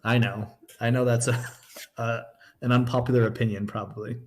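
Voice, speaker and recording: A man's voice: mid-range voice, level tone, moderate pace. A man hosting a podcast, talking in casual chat with a wry, teasing manner. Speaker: podcast host.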